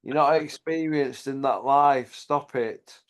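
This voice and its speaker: A man's voice: medium pitch, slow pace. A man hosting a casual, jokey chat and mocking people in slangy banter. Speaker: channel host. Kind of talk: casual banter about boxing.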